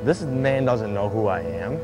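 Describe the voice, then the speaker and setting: A man's voice: on the low side, lively intonation, measured pace. A man in a casual interview, telling his own story in a rambling way, full of fillers and acted-out quotes. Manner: rambling, filler-heavy, acts out quoted voices. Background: background music.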